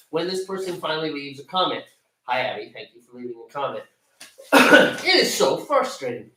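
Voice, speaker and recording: A man with a bright, high, very animated voice runs through his home brew recipe with exasperated, joking asides. He sounds far from the mic in an echoey room. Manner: animated, exasperated, self-mocking. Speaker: homebrewer co-host of a live stream. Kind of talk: casual ranting chat. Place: home brewing area, computer far away.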